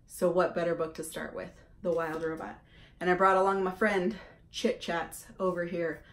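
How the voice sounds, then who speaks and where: A woman reading a children's novel aloud to kids in a gentle, encouraging, unhurried way, as a teacher would. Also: lowish voice, little pitch movement.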